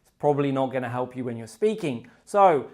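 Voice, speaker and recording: An English teacher giving a pronunciation lesson, slowing down to demonstrate each word ending clearly. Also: mid-range voice, lively intonation, warm tone.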